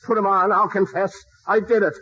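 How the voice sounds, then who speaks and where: An actor playing a panicked, henpecked husband who pleads frantically, on a noisy, crackling 1940s broadcast recording. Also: male voice, high voice, fairly even intonation, brisk, highs cut off, close to an everyday voice. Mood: frantic.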